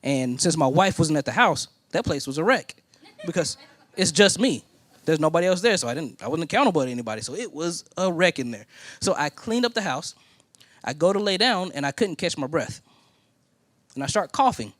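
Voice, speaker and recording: Lively storytelling man preacher. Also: a little high, a little fast, dry recording. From Indiana. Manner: animated storytelling, acting out quoted voices. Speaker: pastor. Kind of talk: sermon storytelling.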